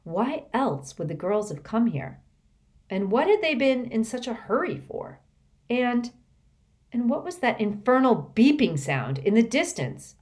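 A woman's voice: fairly high pitch, very animated, measured pace, a little mellow, pitched above the performer's own voice. A woman voicing a haughty, scheming teenage girl enforcer who sneers and snarls at the children.

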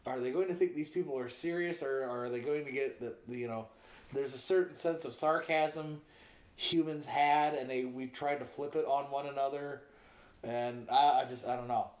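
A man's voice: medium pitch, fairly even intonation, normal speed, echoey room. A man co-hosting a casual chat, rambling and doubling back as he tells stories. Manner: rambling, self-interrupting storyteller. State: coughing. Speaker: podcast co-host.

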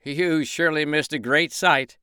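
A man voicing a boastful, strutting male rooster in a storybook reading, bragging loudly and pompously. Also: on the high side, a little slow, clear, resonant tone, no echo, studio quality, voice pushed up.

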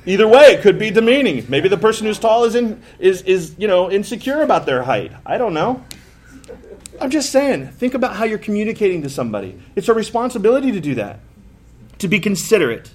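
A man's voice: sits high, sing-song, fairly quick, a little mellow. A middle-aged man, a pastor, preaching a sermon in a conversational, self-deprecating way with emphatic bursts. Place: church sanctuary.

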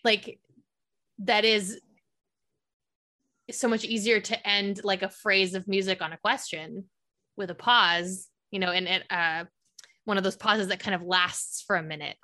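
A woman's voice: mid-range voice, fairly even intonation, measured pace, long pauses, pushed and bright. A woman hosting a podcast, interviewing a dance teacher in an enthusiastic, encouraging way. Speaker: podcast host.

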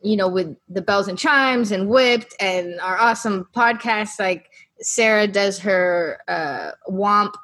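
A woman's voice: mid-range voice, slow, a bit bright. A woman panelist in a casual roundtable chat, speaking upbeat and enthusiastic.

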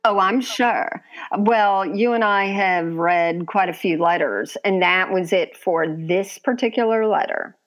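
A woman co-hosts a relaxed podcast, talking in a slow, unhurried drawl. She has a wry, dry way of commenting as she chats, at a middle pitch. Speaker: podcast co-host reading a listener letter. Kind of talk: casual podcast chat.

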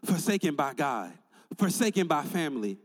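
A man's voice: on the high side, big pitch swings, moderate pace, long reverb tail. A male pastor preaching a sermon in an emphatic, conversational way, building points through repetition.

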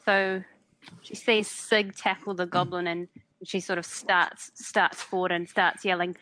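Woman player, bright and eager, tabletop game chat. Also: fairly low pitch, level tone, a little slow, no room sound. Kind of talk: tabletop role-play chat.

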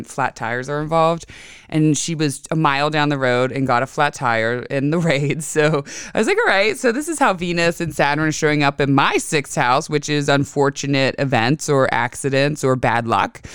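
Chatty woman hosting an astrology show, super smooth crisp voice, dry close sound. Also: low voice, dry recording. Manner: chatty, animated storytelling with lively voiced quotes. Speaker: astrology podcast host. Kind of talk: casual monologue.

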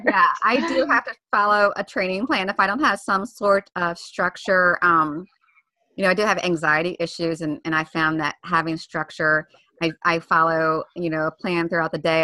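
A woman with a Maryland accent talks casually as a podcast co-host. Her tone is bright and forward, and the sound is dry and close. She rambles cheerfully from topic to topic and apologizes for it often. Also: lowish voice, steady tone, normal speed, dry recording. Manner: chatty, hops between topics, apologizes often. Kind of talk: casual chat.

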